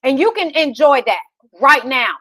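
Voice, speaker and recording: A woman's voice: high-pitched, very animated, normal speed, bright, forceful tone. A woman in her thirties, a real estate host, giving a fired-up motivational talk full of rhetorical questions.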